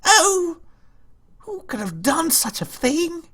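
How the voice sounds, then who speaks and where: A man's voice: very high voice, very animated, very slow, pitched above the performer's own voice, exaggerated voice. A man putting on a theatrical, mock-shocked voice as an outraged leader in a strategy game. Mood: mock outrage.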